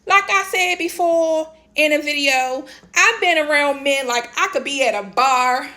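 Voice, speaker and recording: A fairly high-voiced woman with a D.C. rants through a personal story to her camera. She is blunt and emphatic, full of slang, and her voice shoots up in pitch whenever she is fed up. She sounds middle-aged. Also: a little slow. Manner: animated and emphatic, voice leaps high when exasperated; blunt, slangy, repeats "this, that, and the third". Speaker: vlogger. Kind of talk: casual storytelling rant.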